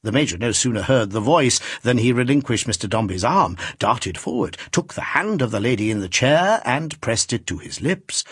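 A man narrating a classic novel as an audiobook, reading in an expressive, theatrical manner. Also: mid-range voice, normal speed, hardly any pauses, breathy edge, no room sound, clean studio sound.

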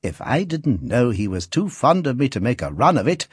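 A man's voice: medium pitch, sing-song, moderate pace, husky, no room sound, studio quality. A man reading the part of a good-natured old male instrument maker who muses and teases fondly. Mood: fond grumbling. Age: older. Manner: fussy, musing, kindly teasing.

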